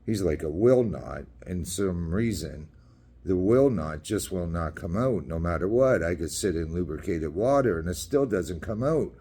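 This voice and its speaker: A man's voice: sits low, lively intonation, normal speed, warm tone, slightly rough. A man telling a story in a casual rant, blunt, profane and repetitive. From Canada.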